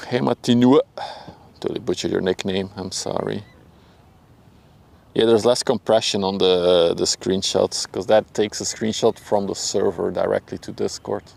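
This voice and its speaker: Low-pitched and gravelly, at a normal speed, a young man with a Dutch accent chats loosely with viewers during a casual riverside livestream. He stays relaxed and chatty, laughing frequently, speaking to chat members by name, and keeping his voice down at moments to avoid disturbing those around him.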